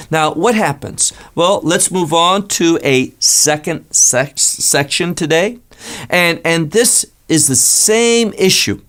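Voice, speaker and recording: A man delivers a Bible teaching with a lively, swooping delivery. His voice sits a little above the usual for a man. He talks emphatically and often restarts a word mid-thought. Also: on the high side. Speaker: pastor.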